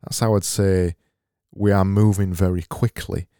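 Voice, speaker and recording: A man's voice: low voice, flat delivery, unhurried, mellow, clear, resonant tone, no room sound. A man hosting a casual solo podcast, reading out listener messages with dry, self-mocking humour. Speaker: podcast host.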